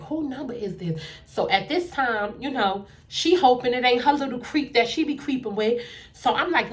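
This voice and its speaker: A woman telling a casual story, acting out the conversations and checking in with the listener. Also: a little high. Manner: animated, acts out both sides of conversations. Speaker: storyteller vlogger.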